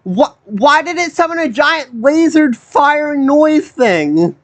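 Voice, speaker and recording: An anime reaction host giving casual commentary, swearing constantly and rambling in incredulous outbursts. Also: high-pitched. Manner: excited, rapid rambling. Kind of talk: casual reaction commentary, reading subtitles aloud.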